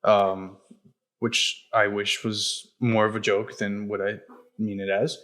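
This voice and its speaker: A man's voice: on the low side, little pitch movement, slow, fairly bright tone. A young man co-hosting a podcast, explaining in a blunt, profane, casual way while hedging often. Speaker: podcast co-host. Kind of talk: casual chat.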